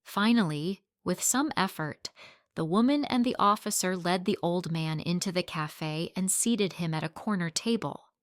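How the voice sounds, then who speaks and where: A woman narrating a story in an even, scripted storytelling manner. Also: lowish voice, normal speed, no room sound, clean studio sound.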